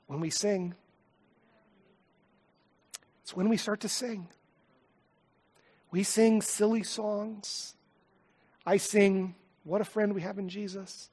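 A man preaching a sermon, telling a personal story in an earnest, heartfelt way and often dropping to a soft, quiet voice. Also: high-pitched, steady tone, slow pace, long pauses. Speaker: pastor.

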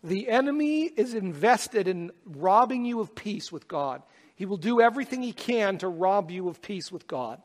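A man preaching a sermon as pastor, moving from quiet, personal reflection to loud, impassioned calls. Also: sits high, animated, moderate pace. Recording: long hall reverb.

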